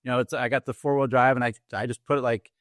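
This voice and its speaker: A middle-aged man, an Army veteran, telling his own story as a podcast guest, in a halting way with many fillers and restarts. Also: medium pitch, fairly even intonation, fairly bright tone, no room sound, clean studio sound. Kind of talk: personal story told in an interview. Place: podcast studio.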